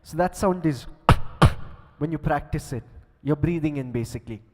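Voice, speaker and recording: A conference emcee keeps things lively from the stage of a large hall, joking with and teasing the audience over a handheld mic. His voice is fairly high with a darkish tone at a normal pace, and the recording has long hall reverb and faint music.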